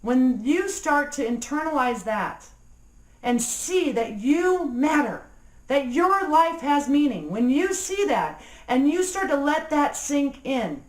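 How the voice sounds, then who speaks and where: Brief: woman in her forties, motivational speaker, bright high voice, echoey room, earnest. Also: sing-song. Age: 40s. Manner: earnest, slows down and drops low on key phrases. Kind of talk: motivational talk to camera. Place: room with a phone ringing nearby.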